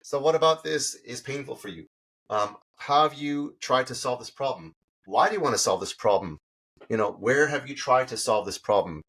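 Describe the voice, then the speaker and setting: A man's voice: mid-range voice, moderate pace, breathy edge. A middle-aged man, a sales coach guest on an interview show, telling stories animatedly and acting out the dialogue. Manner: animated storytelling, acts out quoted dialogue. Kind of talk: casual interview talk.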